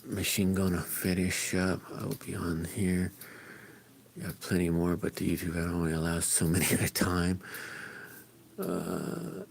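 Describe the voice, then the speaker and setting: Out among his farm animals, a livestream host chats casually on his phone in a low, gravelly voice with a fairly bright tone. He wanders from thought to thought, leaving sentences unfinished, over a little hiss or hum.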